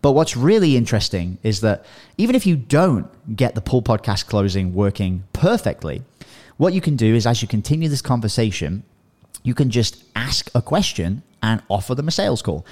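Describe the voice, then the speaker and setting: Animated man coaching on a podcast. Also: mid-range voice, fairly quick. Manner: animated, acts out sample dialogues, frequent "you know" and "right?". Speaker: podcast host and business coach. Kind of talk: casual coaching talk.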